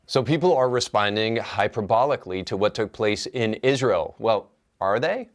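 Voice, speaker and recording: Male host, lowish voice, measured argumentative commentary. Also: expressive. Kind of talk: commentary on clips.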